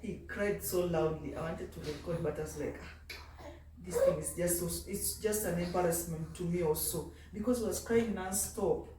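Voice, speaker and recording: Recorded in an echoey room on a distant mic with slight background noise, a mother vlogs casually, sounding worn out and talking to her baby in between. Her voice is warm and on the low side, at a moderate pace.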